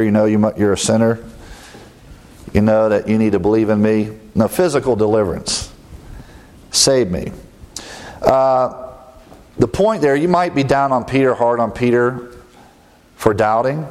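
A man's voice: lowish voice, normal speed, darkish tone. A man from the American Midwest preaching a sermon in a conversational way, often laughing at his own jokes. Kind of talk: sermon with humor.

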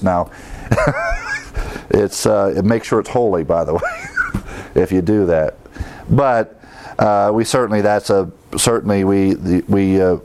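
A man's voice: on the low side, creaky, darkish tone, a little hiss or hum. Conversational male pastor teaching scripture. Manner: conversational, with frequent fillers and wry asides. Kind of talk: verse-by-verse Bible teaching sermon.

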